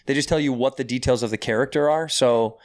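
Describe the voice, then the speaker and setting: A man's voice: mid-range voice, quick pace. A man, a podcast guest, telling a story casually and animatedly, acting out the quoted people and swearing freely.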